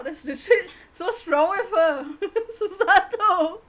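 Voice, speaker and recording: Giggly high-voiced woman streamer. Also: takes it slowly, a bit bright. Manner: giggly, sassy, exclamatory. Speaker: game streamer. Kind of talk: live game stream commentary.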